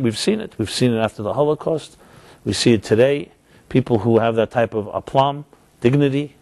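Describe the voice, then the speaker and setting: A man's voice: medium pitch, a little mellow, no room sound. A middle-aged man, a rabbi, giving a Torah lecture, explaining Hebrew terms with rising, emphatic stresses.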